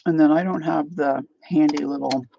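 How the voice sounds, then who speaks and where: A chatty woman with a gravelly, creaky voice, talking casually while she crafts at home. Her words ramble along, and the lo-fi stream audio sounds a little dull. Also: sits low, fairly even intonation, normal speed, warm tone, slight background noise. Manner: chatty, rambling, talks while eating and working. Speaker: craft channel host.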